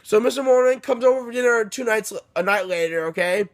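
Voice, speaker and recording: A young man with a high-set voice retells a book's plot in a loose, rambling way. He swears casually and keeps apologizing for going off topic. The sound is dry and close, with no room around it. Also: fairly quick, dry recording. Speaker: book reviewer. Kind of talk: casual rambling book recap. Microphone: phone camera.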